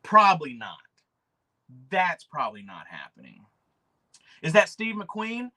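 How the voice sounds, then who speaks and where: Male livestream host, bright-toned, excitable, swears a lot, rambles. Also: high-pitched, a little slow. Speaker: livestream host showing custom figures. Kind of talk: casual livestream chat.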